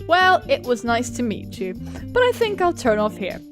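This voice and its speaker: Manic game-text vagrant, male, yells everything, high and loud, a woman acting him out. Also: normal speed, soft background music. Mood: frantic. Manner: shouting, ends words like excited questions. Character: excitable paranoid scruffy male street cyclist.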